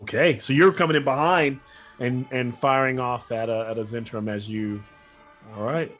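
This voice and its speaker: A man's voice: medium pitch, fairly even intonation, normal speed, a bit bright, faint music behind. A man running a tabletop game as game master, talking in a rambling, casual way with many self-corrections.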